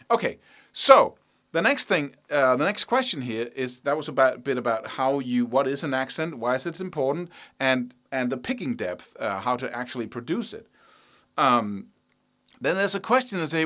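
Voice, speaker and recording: A man's voice: mid-range voice, lively intonation, normal speed, sharp tone. A middle-aged man teaching guitar in a casual, blunt, emphatic way, often singing rhythms as "da da da". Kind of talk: casual spoken guitar lesson.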